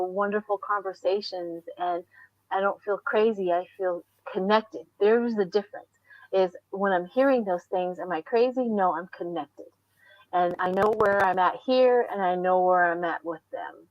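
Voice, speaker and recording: An older American woman hosting a casual live stream, telling lively stories and acting out the voices she heard. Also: medium pitch, normal speed, no echo, muffled recording. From United States. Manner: animated storyteller, acts out voices. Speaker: tarot reader host.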